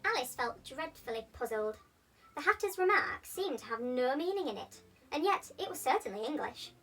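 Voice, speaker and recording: A woman reading a classic children's story aloud, expressive and animated. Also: high-pitched, normal speed, recorded from a distance. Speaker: storybook reader.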